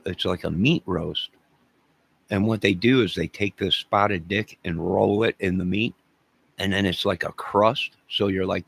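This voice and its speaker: A Southern man hosts a loose live stream, chatting with viewers by name in a rambling, joking way. His voice sits very low, with a gravelly rasp and a husky edge. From American South. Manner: rambling, jokey, talks to chat viewers by name. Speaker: live stream host reading chat. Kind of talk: casual live-stream chat.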